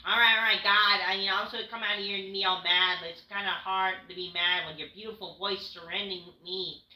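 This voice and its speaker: A man's voice: high voice, steady tone, fairly quick, bright, forceful tone, recorded from a distance. A man putting on a smug, sing-song, mocking impression of a cocky male wrestler. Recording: roomy echo.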